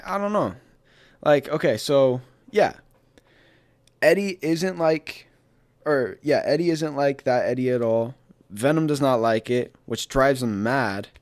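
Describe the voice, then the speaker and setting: A man's voice: medium pitch, dry recording. A young adult man hosts a casual pop culture show. He talks in a chatty, rambling way, restarting sentences and wandering into asides, with an ordinary mid-range voice. The recording is dry, with little room sound. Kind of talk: casual movie news commentary.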